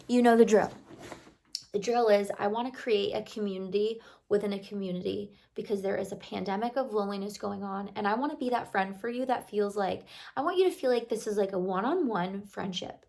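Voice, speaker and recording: A woman's voice: mid-range voice, vocal fry. A young woman who is losing her voice, chatting to her viewers in a gushing, friendly vlog. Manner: warm, gushing, talks to viewers like a close friend. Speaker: lifestyle vlogger. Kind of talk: chatty talking-to-camera vlog.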